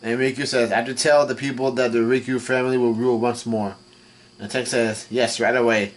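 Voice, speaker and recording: A manga reaction vlogger with a mid-range male voice haltingly recaps a comic as he reads it. His casual delivery is full of restarts and fillers, and he reads the quoted lines flatly.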